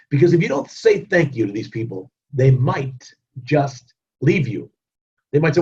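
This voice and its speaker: Energetic man giving a motivational webinar talk. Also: a little high, moderate pace. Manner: energetic, repetitive lists, acts out quotes. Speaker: keynote speaker. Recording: dull lo-fi webinar audio.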